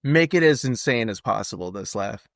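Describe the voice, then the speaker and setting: A young man co-hosting a podcast, chatting casually about a movie in a relaxed way, thinking aloud with "uh" and "dude.". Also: medium pitch, normal speed, creaky, dry recording, clean studio sound. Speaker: podcast co-host.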